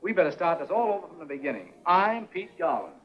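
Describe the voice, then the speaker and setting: An actor playing a breezy, brisk radio talent agent. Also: male voice, a little high, big pitch swings. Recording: muffled old film sound, distant.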